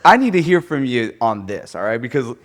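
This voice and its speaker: A man co-hosting a podcast who is a lawyer, chatting in a loose, animated way, swearing and laughing often. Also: mid-range voice, a little fast. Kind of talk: casual podcast chat.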